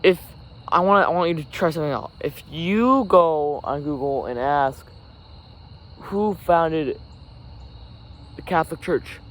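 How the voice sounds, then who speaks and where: A man's voice: a little high, unhurried, pauses often, fairly bright tone. A man hosting a casual solo podcast outdoors by a forest, talking in a rambling, self-correcting way. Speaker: podcast host. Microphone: camera recording himself. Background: insects and crickets.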